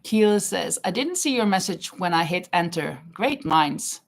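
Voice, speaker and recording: Slow-talking woman. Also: lowish voice, expressive, creaky. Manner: chatty, reads viewer comments aloud, often laughs. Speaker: livestream host. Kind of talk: casual live chat while crocheting. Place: home in Spain.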